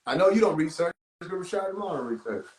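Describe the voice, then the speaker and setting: A young adult man talking on a phone livestream in an animated, profane way, laughing often. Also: high-pitched, quick pace, roomy sound, rough recording. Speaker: livestream host. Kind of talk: casual livestream rant.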